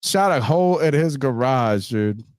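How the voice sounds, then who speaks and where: A man's voice: mid-range voice, unhurried, clear, resonant tone, dry recording, clean studio sound. A man on a podcast telling a story casually, swearing a lot and acting out what people said. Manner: profane, animated, acts out quotes loudly. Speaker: podcast host.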